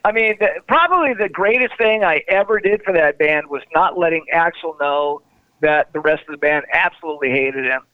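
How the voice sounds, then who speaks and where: Man, phone interview guest, animated storyteller, slightly high voice, tinny phone sound. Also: normal speed, no room sound. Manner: animated storyteller, acts out quoted dialogue. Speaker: guest, former tour manager. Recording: tinny phone line, dry.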